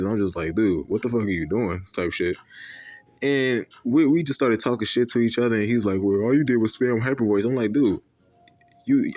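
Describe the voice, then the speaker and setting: A man's voice: low-pitched, no room sound. A young man giving casual, profane commentary on his own competitive games, brash and full of fillers. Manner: brash, profane trash-talk with frequent fillers. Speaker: gaming commentator.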